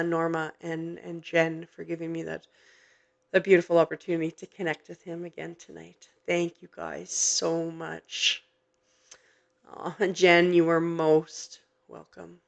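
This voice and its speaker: A woman hosting a live-streamed spirit reading as a psychic medium, speaking gently and earnestly with many hesitant fillers, and audibly moved at times. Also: on the low side, creaky. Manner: emotionally moved, softly reassuring.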